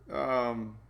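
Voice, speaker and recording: Gravelly, chatty weather host. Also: male voice, medium pitch, a bit bright. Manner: rambling, reads out viewer names and talks to his puppies. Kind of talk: casual live-stream chat.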